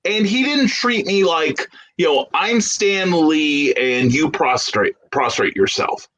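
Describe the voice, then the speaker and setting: Animated middle-aged man telling stories. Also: on the high side, takes it slowly, low-quality recording. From United States. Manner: animated anecdotal storyteller, acts out quoted voices. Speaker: guest. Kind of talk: casual storytelling interview.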